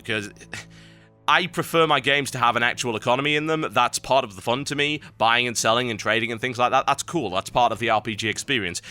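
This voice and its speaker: A man's voice: medium pitch, sharp tone. A man hosting a gaming news show, commenting on reader submissions in an emphatic, ranting way.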